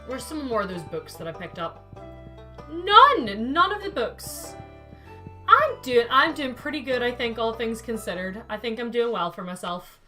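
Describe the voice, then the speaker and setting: Bright-voiced woman streamer. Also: a little high, animated, moderate pace, soft background music. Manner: chatty and playful, laughs often, talks to her cat and chat. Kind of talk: casual gaming stream chat.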